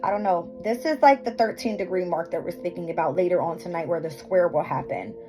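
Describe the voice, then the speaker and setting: A woman's voice: lowish voice, fairly quick, poor audio. A woman giving a casual astrology and tarot reading to viewers at home, scattered and swearing, often tripping over her words. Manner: scattered, swearing, self-interrupting, laughing at own slips. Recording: background music playing.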